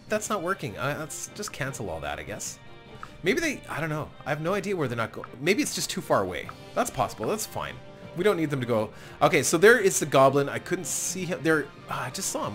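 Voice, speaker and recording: Man hosting a casual game playthrough, chatty, sing-song pitch, slightly high voice. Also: wildly swooping pitch, normal speed, pushed and bright, faint music behind. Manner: apologetic, chatty, self-mocking, laughs often. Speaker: gaming channel host. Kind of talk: casual let's-play commentary.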